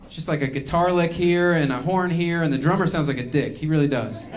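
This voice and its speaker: A man's voice: a little high, brisk. A man doing a stand-up comedy routine, ranting in an exasperated, self-mocking way.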